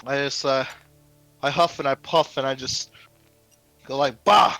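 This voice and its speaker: A man's voice: mid-range voice, steady tone, unhurried, a bit bright, dry recording, soft background music, poor audio. Stammering man playing a tabletop game. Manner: stammering restarts, gruff and angry in character. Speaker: player. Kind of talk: tabletop role-play, in and out of character.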